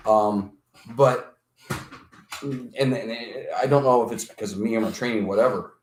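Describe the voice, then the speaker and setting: A man's voice: fairly low pitch, moderate pace. A man and former EMT in casual podcast chat, telling stories with swearing and quoted voices. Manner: animated storytelling, swearing, quoting others. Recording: echoey room.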